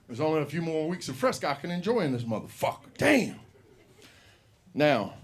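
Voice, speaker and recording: A man hosts a live open mic comedy show, talking to the crowd with loose, profane storytelling. His voice sits high and swings widely up and down as he riffs. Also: fairly quick. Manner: profane, rambling, animated storytelling. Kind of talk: stand-up comedy hosting. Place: comedy club. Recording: live room with audience.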